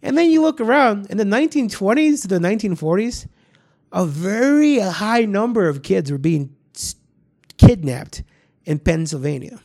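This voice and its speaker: A man's voice: sits high, big pitch swings, moderate pace, a little mellow. A man hosting a podcast, telling a story in rambling casual chat, full of restarts and swearing. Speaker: podcast host.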